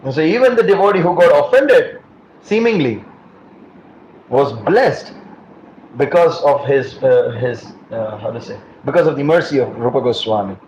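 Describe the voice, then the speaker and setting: A man giving a devotional class, telling stories with lively acted-out voices. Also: medium pitch, normal speed, highs cut off. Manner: animated storytelling, acting out quoted voices. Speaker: class speaker. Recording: echoey room with faint noise.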